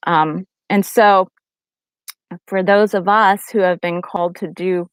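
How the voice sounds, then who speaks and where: Animated middle-aged woman sharing testimony. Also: fairly low pitch, slow, clean tone, dry recording, low-quality recording. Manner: animated storyteller acting out quotes in raised voices; earnest, urging. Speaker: faith vlogger. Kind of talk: casual testimony to camera.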